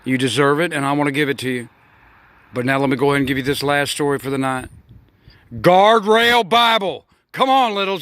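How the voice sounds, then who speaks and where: A man's voice: mid-range voice, slight background noise. An older man acting as a grandfather, chatting in a folksy, affectionate way and laughing often as he tells a bedtime story.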